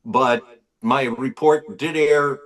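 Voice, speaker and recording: A man, a podcast guest, telling a story in a casual, unhurried way. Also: mid-range voice, far from the mic, poor audio. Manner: slow, lively storytelling.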